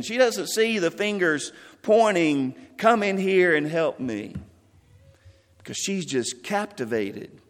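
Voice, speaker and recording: A man preaching a sermon, expressive, acting out the quoted lines of the people in the passage. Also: on the high side. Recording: long hall reverb.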